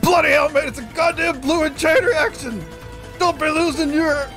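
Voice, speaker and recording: A man voicing a hot-tempered pirate villain, cursing and shouting insults while playing a video game. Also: extremely high pitch, fairly even intonation, normal speed, over music, voice pushed up. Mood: blustering.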